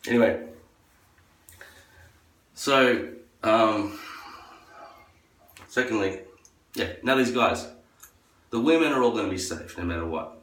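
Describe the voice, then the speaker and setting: A man's voice: slow, long pauses, a bit bright. A man delivering a crude, profane, rambling monologue as a vlogger. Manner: crude, profane ranting; acts out others in a high falsetto. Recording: echoey room, far from the mic.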